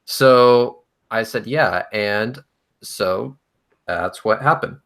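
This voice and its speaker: A man's voice: lowish voice, extremely slow, a bit bright. A man hosting a livestream chat, telling a profane story with dry humor. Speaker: show host.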